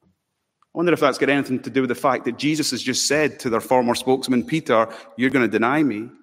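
A man preaching an expository sermon as pastor, emphatic, slowing down to stress key words. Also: mid-range voice, fairly even intonation. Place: church sanctuary. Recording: long reverb in a large hall.

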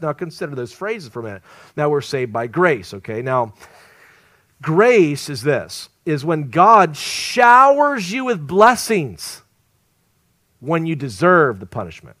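Preaching in an unhurried way, a traveling evangelist with a slightly high voice entertains a live congregation with animated stories, jokes, and laughter. There's no echo on the recording.

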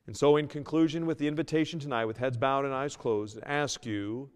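Male pastor, earnest sermon, smooth resonant voice, long reverb. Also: mid-range voice, brisk, few pauses. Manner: earnest preaching, swings from loud to quiet. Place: church sanctuary.

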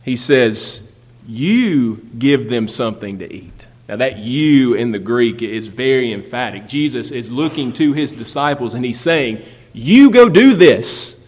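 A man's voice: mid-range voice, measured pace. A man preaching a sermon as pastor, building emphasis and asking rhetorical questions. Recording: long reverb of a large hall.

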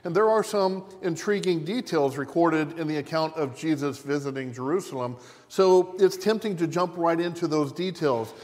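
A pastor giving a measured, deliberate sermon, repeating key phrases for emphasis. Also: male voice, fairly high pitch, darkish tone, in a large hall. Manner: measured, deliberate preaching with repetition.

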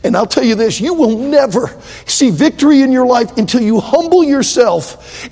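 An older man preaching a sermon, emphatic and repetitive, building to loud outbursts. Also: very high voice, big pitch swings, normal speed, creaky. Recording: echoey hall.

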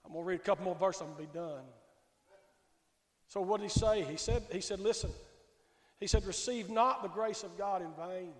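A male preacher with a strikingly high-pitched voice delivers a folksy, emphatic sermon, calling out members of his congregation by name. The sound is roomy and full of echo, and it rings on in the church sanctuary. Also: fairly quick, pauses often. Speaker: pastor. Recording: echoey hall with long reverb.

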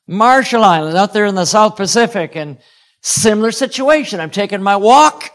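High-voiced earnest male preacher. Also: fairly bright tone. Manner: earnest, storytelling with chuckles. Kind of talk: sermon with prayer and stories.

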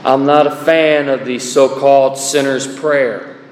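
In an echoey chapel full of long reverb, a man delivers a sermon in a folksy, emphatic style, spelling out words for emphasis. His voice is medium in pitch, steady in tone and measured in pace.

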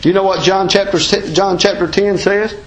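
A man's voice: sits high, steady tone, moderate pace, rough recording. A man with a Southern American accent preaching a sermon as pastor, folksy and emphatic, full of rhetorical questions.

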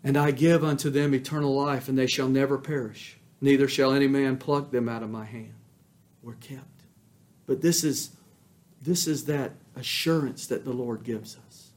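A man preaching a sermon as pastor, fervent, swelling loud on emphatic lines and dropping soft on quiet ones. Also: mid-range voice, fairly even intonation, normal speed.

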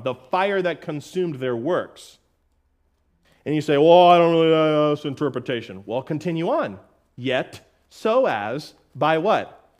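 A man preaching an expository sermon as pastor, asking the congregation questions and dropping in casual asides. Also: medium pitch. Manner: call-and-response questions to the congregation.

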